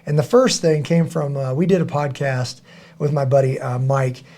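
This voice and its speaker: This podcast host is a middle-aged man with a medium-pitched voice and a moderate pace. His storytelling is casual and earnest, and he performs the quotes with lively animation.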